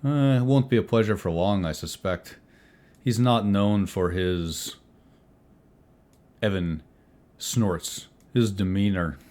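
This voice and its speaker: A man narrating a tabletop role-playing game as game master, theatrical and animated. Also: on the low side, slow pace, long pauses.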